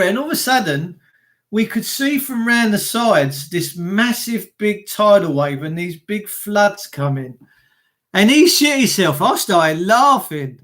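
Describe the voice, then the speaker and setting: An Englishman with a high-pitched voice rants angrily on a live stream, swearing and stammering as he goes. He stumbles over his words and reads viewers' comments aloud between tirades. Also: sing-song, unhurried, fairly bright tone. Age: adult with children. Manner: angry, profane, stammering rant. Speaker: livestreamer reading chat.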